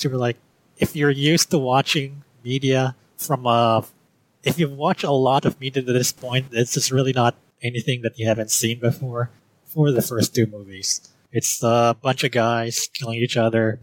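A man of ordinary pitch talks through his movie verdicts on a podcast. He wanders, pauses on fillers and doubles back to add points. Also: no room sound, low-quality recording. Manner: rambling, hesitant with many fillers. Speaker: podcast co-host. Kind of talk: casual film review chat.

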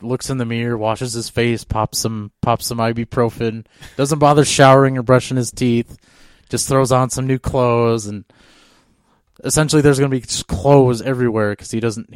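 A man with a smooth, resonant voice spins a long, loose tale, circling back with fillers. The sound is dry and close, and his pitch sits mid-range. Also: flat delivery, normal speed, dry recording. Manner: rambling, full of fillers and restarts. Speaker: podcast co-host. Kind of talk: casual storytelling on a podcast.

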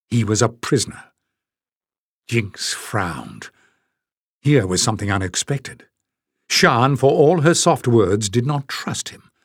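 A man's voice: medium pitch, no echo. Man reading a story, dry and close. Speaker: audiobook narrator. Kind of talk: scripted narration.

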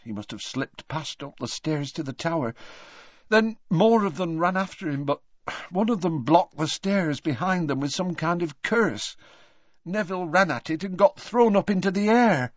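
A man voicing a young woman fighter who speaks in a low, hollow, shaken voice. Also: no echo, highs cut off.

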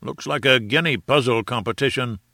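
A man voicing a brisk, practical aristocratic adventurer who talks in a hearty, clipped way. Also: medium pitch, gravelly, pushed and bright, dry recording, studio quality.

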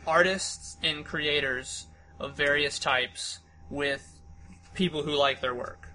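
A man co-hosting a podcast and working as a writer, explaining things earnestly in casual chat with some halting restarts. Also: fairly high pitch, bright, forceful tone, slight background noise, poor audio.

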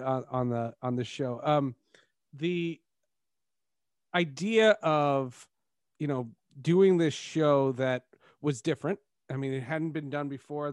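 A male podcast host with a slightly high voice, talking in a casual, rambling way. The recording is dry and close, with no room sound. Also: clear, resonant tone, no echo. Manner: rambling, restarts mid-thought. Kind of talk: casual interview chat.

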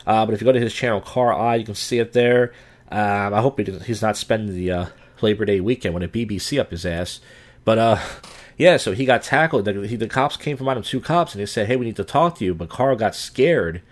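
A man's voice: fairly low pitch, a little fast. A man live streaming, reading odd news headlines in a crude, rambling way with off-the-cuff jokes.

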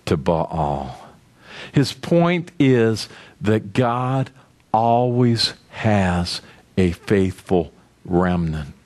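A man's voice: fairly low pitch, very slow, pauses often, no room sound. A man preaching a sermon as pastor, telling the story with acted-out voices and questions to the listeners. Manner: animated storytelling, acting out voices of figures; asks the congregation questions.

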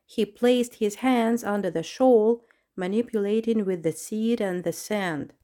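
A woman reading a storybook aloud at an even, steady pace. Her voice sits at a middle pitch for a woman, plain and clear for narration. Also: a little slow.

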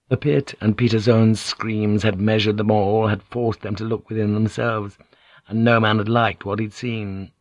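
Male audiobook narrator, low-pitched, steady and grim in his delivery. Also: dry recording. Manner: measured, grim storytelling. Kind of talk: scripted narration. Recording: dull, lo-fi.

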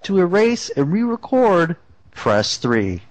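A man voicing an automated voicemail system during a prank call, reading prompts in a slow, low monotone. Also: heavily acted. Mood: robotic. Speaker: prank caller.

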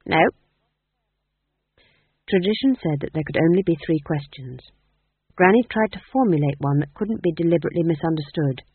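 A man's voice: on the high side, expressive, brisk, breathy edge, no echo. A man narrating an audiobook in a dry, wry storytelling manner. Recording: dry, tinny phone-like sound.

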